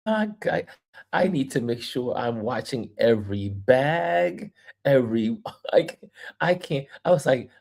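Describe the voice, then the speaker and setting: A travel vlogger tells a story in an unhurried, drawn-out way. He is lively and playful, laughing often and repeating words for emphasis. His voice sits at an ordinary middle pitch. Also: vocal fry. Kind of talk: casual storytelling monologue.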